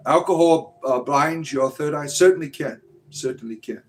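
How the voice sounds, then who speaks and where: A man's voice: fairly high pitch, moderate pace, soft background music, rough recording. A man casually chatting on a livestream, rambling and answering chat questions, often tagging lines with "right?".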